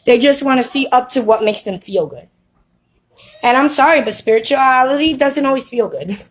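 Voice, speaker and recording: A woman's voice: high-pitched, moderate pace, rough recording. Slangy woman preaching spiritual talk. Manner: streetwise slang, preachy, asks "you know what I mean?". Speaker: spiritual vlogger. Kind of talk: casual spiritual talk to camera. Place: home with children around.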